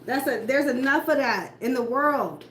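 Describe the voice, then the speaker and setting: A woman's voice: sits high, lively intonation, moderate pace, fairly bright tone. A woman giving a casual tarot reading, blunt and profane, firing off rhetorical questions as she rants about what the cards show. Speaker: tarot reader. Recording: echoey room with faint noise.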